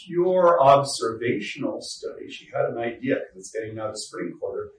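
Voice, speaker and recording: A man giving a loose, joking workshop lecture, tossing asides to the audience as he talks. His voice sits at a middle pitch and is picked up from a distance. The room is echoey, with a faint hiss of background noise. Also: lively intonation, moderate pace. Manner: chatty, jokey, asides to the audience. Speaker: lecturer, teacher educator. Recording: roomy echo, distant mic, faint noise.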